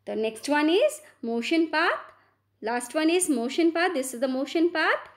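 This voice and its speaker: A woman's voice: high voice, lively intonation, a little slow. A woman teacher with an Indian English accent, walking students through slides in a patient classroom lesson, repeating points and checking in with "right?".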